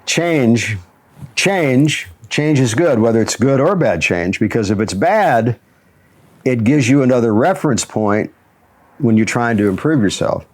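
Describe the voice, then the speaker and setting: Storytelling on his motivational talk show, the jiu-jitsu instructor speaks at a measured pace in a mid-range voice with lively intonation, chuckling often.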